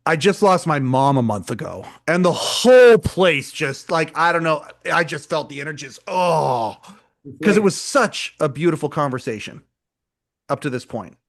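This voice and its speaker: A man's voice: on the high side, animated, normal speed. A man co-hosting a podcast, retelling a live show in casual chat, rambling and repeating words as he goes. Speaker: podcast co-host.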